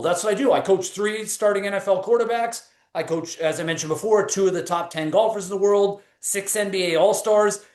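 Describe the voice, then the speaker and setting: Male performance coach, 30s, New England accent, energetic storyteller, raised pitch, roomy echo. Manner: energetic storytelling, casual fillers. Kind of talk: motivational webinar talk.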